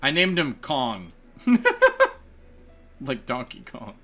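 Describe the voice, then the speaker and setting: Man, let's play host: bright, animated, self-mocking banter. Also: medium pitch, takes it slowly, faint music behind. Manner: chatty, laughs often, self-mocking. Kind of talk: casual gameplay commentary.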